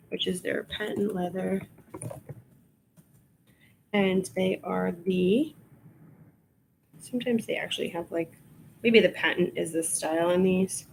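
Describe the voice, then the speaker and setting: This reseller host from Long Island, New York, has a medium-pitched voice and keeps her livestream chat casual while handling stock. Frequently laughing, she addresses viewers and reads out what each item is, over slight background noise.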